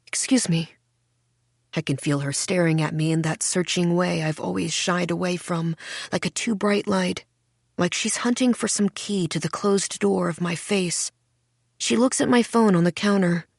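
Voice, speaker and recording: A woman narrates a first-person novel in a wry, measured, quietly deadpan voice. Her pitch sits on the low side. The recording is dry and close, with no room sound. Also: creaky, husky, no room sound. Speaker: audiobook narrator.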